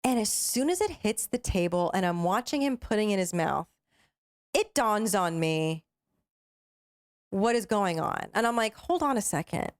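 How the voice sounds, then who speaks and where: A young woman co-hosting a podcast, telling a story casually, animated and full of fillers, acting out what people said. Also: medium pitch, a little slow, long pauses. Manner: animated, acts out quoted voices, filler-heavy. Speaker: podcast co-host.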